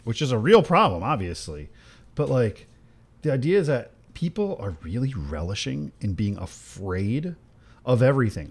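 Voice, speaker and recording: A man co-hosting a podcast, talking in a rambling, sarcastic, animated way. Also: mid-range voice. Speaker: podcast co-host. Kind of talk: casual chat.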